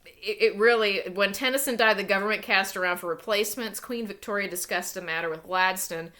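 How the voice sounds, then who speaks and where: Woman librarian, casual book chat, bright tone, amused and rambling. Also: mid-range voice, fairly quick. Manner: chatty, amused, frequent fillers and restarts.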